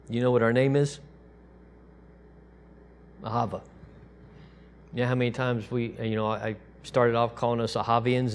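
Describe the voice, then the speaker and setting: A man preaching in a loose, conversational way, his voice sitting at an ordinary middle pitch. When he quotes God he goes hushed and gentle, then comes back up to his normal speaking level. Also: a little hiss or hum. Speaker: pastor. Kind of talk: sermon.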